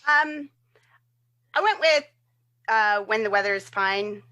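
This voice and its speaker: A woman's voice: mid-range voice, lively intonation, takes it slowly, pushed and bright. A woman co-hosting a podcast, chatting casually and rambling with lots of fillers. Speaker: podcast co-host. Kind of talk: casual chat.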